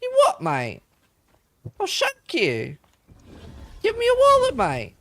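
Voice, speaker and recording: A man voicing a simpleton male bandit with a British accent, loud and threatening in a mugging way. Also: very high-pitched, wildly swooping pitch, slow pace, voice pushed up, exaggerated voice. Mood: mock menacing.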